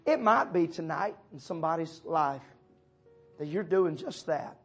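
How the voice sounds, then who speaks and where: High-voiced preacher man. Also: animated, measured pace, husky, faint music behind. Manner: preaching with wide swings from loud urging to hushed tones; addresses listeners by name as brother and sister. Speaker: pastor. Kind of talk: sermon. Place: church.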